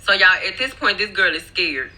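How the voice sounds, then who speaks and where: Bright-voiced woman telling a rambling story. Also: medium pitch, expressive, normal speed, poor audio. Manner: rambling, profane, keeps addressing viewers as y'all. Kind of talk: casual storytime chat. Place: workplace, on break.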